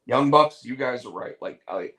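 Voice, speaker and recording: A man's voice: medium pitch, animated, normal speed, bright, forceful tone. A man mimicking a frustrated male pro wrestler who rises to exasperated yelps. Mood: bitter. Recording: echoey room.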